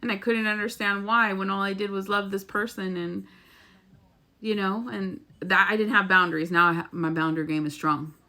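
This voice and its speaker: A woman's voice: medium pitch, fairly even intonation, moderate pace, bright, forceful tone. A woman talking earnestly and emotionally to her viewers in a casual spiritual vlog, rambling and swearing now and then. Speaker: spiritual vlogger. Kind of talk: heartfelt casual monologue.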